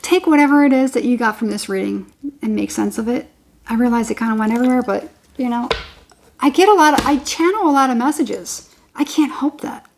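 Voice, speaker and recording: A woman's voice: fairly high pitch, animated, a little fast, gravelly, slight background noise. A woman giving a casual tarot reading to her viewers, chatty and rambling, repeating herself and laughing often. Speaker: tarot reader.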